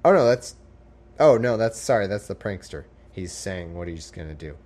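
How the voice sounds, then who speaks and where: A man's voice: low-pitched, lively intonation, moderate pace, a little mellow. A man reading the Bible aloud in a formal tone and breaking off into casual, sarcastic commentary. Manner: sarcastic asides, wry, casual. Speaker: podcast host reading scripture.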